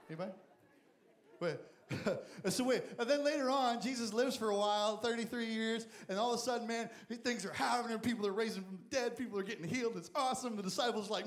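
Youth pastor, male, high voice, lively and comic storyteller from the pulpit, echoey room. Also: fast talker. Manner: animated, jokey, voices the characters. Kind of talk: lively sermon with acted-out Bible characters.

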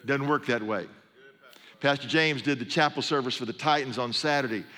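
A middle-aged male pastor preaching, his voice bright and forceful. He tells stories in a loose, conversational way with humorous asides. A long reverb trails each phrase, as in a large hall. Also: medium pitch, fairly quick. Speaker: pastor and sports chaplain. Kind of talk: sermon.

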